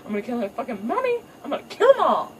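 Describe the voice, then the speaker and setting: Shrieking villainous lioness mum, loud and high, played by a woman, distant noisy mic. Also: wildly swooping pitch, rapid-fire. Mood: murderous. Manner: screeching, profane threats. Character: vicious vengeful lioness mother, villain.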